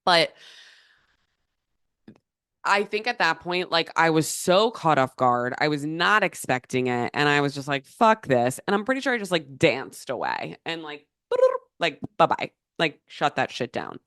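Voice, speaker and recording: Low-voiced chatty podcast host woman. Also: very animated, a little slow, a bit bright, smooth, no echo, studio quality. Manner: chatty, swears freely, many filler likes. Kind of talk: casual storytelling.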